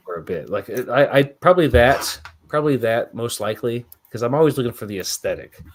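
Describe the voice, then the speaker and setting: A man's voice: medium pitch, animated, a little fast. A man in his thirties, a wrestler guest chatting casually and laughing often through rambling stories. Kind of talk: casual chat.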